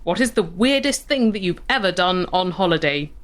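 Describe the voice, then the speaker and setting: A woman's voice: fairly low pitch, lively intonation, moderate pace. Upbeat woman hosting a podcast. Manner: reads listener questions, upbeat. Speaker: podcast host. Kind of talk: casual chat. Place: indoors at a vintage car workplace.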